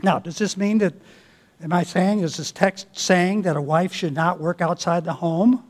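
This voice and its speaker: A man's voice: high voice, fairly even intonation, normal speed. A man preaching a sermon as pastor, earnest and exhorting, asking his listeners rhetorical questions.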